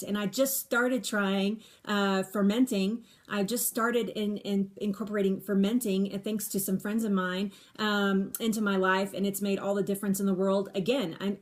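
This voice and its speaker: A middle-aged woman talks straight to her viewers in a relaxed live stream, pitched in an ordinary middle range. She is candid and chatty, repeating words for emphasis and often restarting mid-sentence. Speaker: livestream host answering viewer questions. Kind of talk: casual live Q&A monologue. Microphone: phone or webcam on a live stream.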